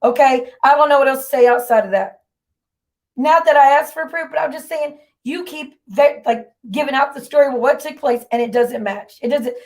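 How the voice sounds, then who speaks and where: Brief: woman stream host, fairly high voice, furious and profane, calling out her chat directly. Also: normal speed, a little mellow. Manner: heated, profane, confrontational. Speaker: livestream host. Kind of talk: angry livestream rant.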